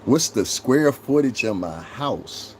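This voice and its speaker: This livestream host, a New York-accented man in his thirties, is brash and profane as he talks right to his chat in a casual stream. He speaks slowly in a medium-pitched voice with lively intonation, over slight background noise.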